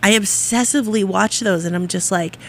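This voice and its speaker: A woman's voice: medium pitch, normal speed. A woman hosting a radio show in a studio, talking in an effusive, rambling, upbeat way. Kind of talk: casual on-air monologue.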